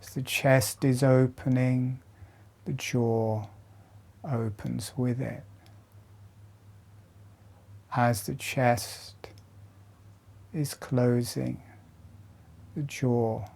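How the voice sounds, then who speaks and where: Very slow, dark-voiced male meditation guide. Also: medium pitch, creaky. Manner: slow, calm, soft instructions with long pauses. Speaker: breathwork teacher.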